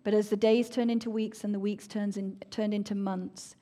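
A woman giving an earnest, emotional personal faith testimony, now and then dropping to a soft near-whisper. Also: medium pitch, flat delivery, moderate pace. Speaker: speaker sharing a personal testimony.

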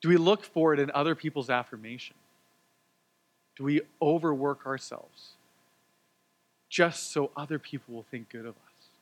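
An earnest man in his thirties preaches a sermon, speaking casually and personally, with frequent fillers and restarts. His voice sits slightly high for a man. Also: normal speed, long pauses. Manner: earnest, conversational, with repeated words and fillers. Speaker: pastor.

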